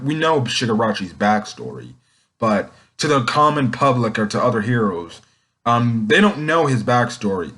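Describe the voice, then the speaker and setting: In an off-the-cuff recap, a man reviewing a manga chapter rambles and loops back, filling gaps with "um" and "essentially." His natural, middle-pitched male voice has a fairly bright tone.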